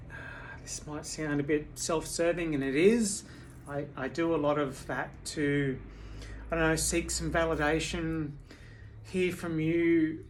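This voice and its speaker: A tired woman speaking candidly at home in a personal video diary, halting, with many restarts and fillers. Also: low-pitched, a little hiss or hum. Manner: candid and confessional. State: tired from sleepless nights. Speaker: vlogger.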